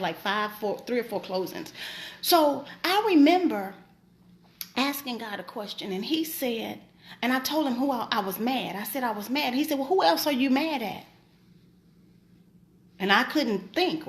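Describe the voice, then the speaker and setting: A woman, host and preacher, giving a casual faith talk in an emphatic, colloquial way. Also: on the high side. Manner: emphatic, colloquial, animated storytelling.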